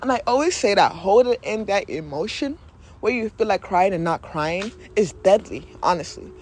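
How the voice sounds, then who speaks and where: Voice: medium pitch, expressive, moderate pace, darkish tone, a little hiss or hum. A podcast host talking candidly and emotionally in a casual spiritual monologue, often laughing and acting out inner voices.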